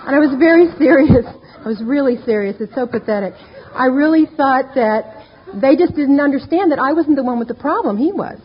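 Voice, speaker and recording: A woman's voice: high voice, expressive, moderate pace, a little hiss or hum. A woman giving a candid, self-mocking personal testimony to an audience, acting out the dialogue. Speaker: speaker sharing her recovery story. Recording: dull lo-fi tape recording.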